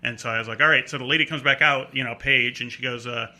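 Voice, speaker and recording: A middle-aged comedian from the Midwest telling a rambling, animated story in a casual interview. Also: male voice, mid-range voice, fast talker. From American Midwest. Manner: rambling, animated anecdote with acted-out quotes. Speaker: comedian guest.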